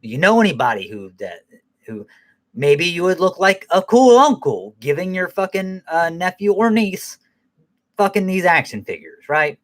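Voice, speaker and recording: A man's voice: high-pitched, very animated, normal speed. A man hosting a podcast who rambles through an angry, profane rant and laughs at himself now and then. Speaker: podcast host.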